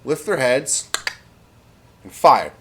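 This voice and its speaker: A man's voice: medium pitch, big pitch swings, slow, husky. A man casually telling a rambling comic story, with fillers and spoken sound effects.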